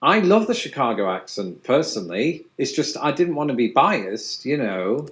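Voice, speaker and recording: A man's voice: mid-range voice, very animated, moderate pace. A man presenting a commentary video in a scripted way, with wry, joking asides. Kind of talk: scripted commentary with dry jokes.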